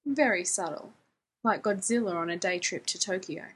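A woman's voice: mid-range voice, moderate pace, breathy edge. A woman narrating a story in a wry, conversational way, with casual profanity. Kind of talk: audiobook narration of fiction.

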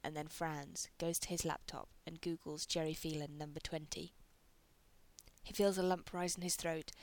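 A woman narrating a story aloud, reading with light character voices. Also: sits low. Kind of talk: reading fan fiction aloud.

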